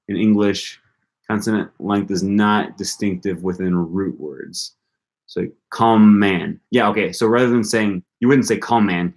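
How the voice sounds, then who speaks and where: Young man, very low voice; casual live-stream study talk, thinks aloud, repeats sounds. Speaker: language-learning streamer.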